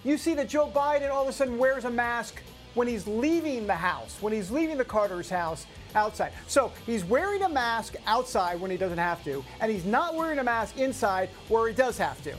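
A man's voice: very high-pitched, sing-song, normal speed, soft background music. A male host giving casual, sarcastic political commentary with jokes and asides. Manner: sarcastic, joking, rambling.

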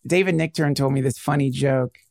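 A man in casual conversation, talking in a rambling, animated way and often breaking off mid-thought. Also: mid-range voice, a little fast, creaky, no echo, studio quality. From United States. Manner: rambling, animated, self-interrupting.

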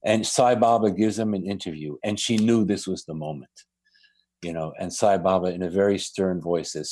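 Reflective, low-voiced man telling stories. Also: normal speed, darkish tone. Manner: reflective, anecdotal, with frequent restarts. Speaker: guest. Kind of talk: storytelling in a podcast conversation.

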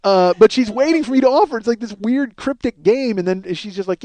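Middle-aged male podcast host, quick rambling comic storyteller, slightly high voice, dry close sound. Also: lively intonation, dark tone, no echo. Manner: rambling, self-mocking storyteller. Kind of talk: casual comedic monologue.

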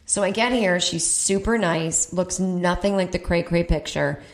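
A woman's voice: on the low side, a little slow. A woman hosting a comedy podcast, telling a rambling story in a chatty, profane, self-mocking way and acting out the people she quotes. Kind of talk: casual storytelling monologue. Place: at home.

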